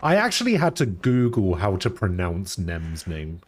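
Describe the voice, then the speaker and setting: A man's voice: deep voice, huge pitch swings, moderate pace. A man streaming a game and chatting casually with jokes. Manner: joking, laid-back. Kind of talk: casual chat over gameplay.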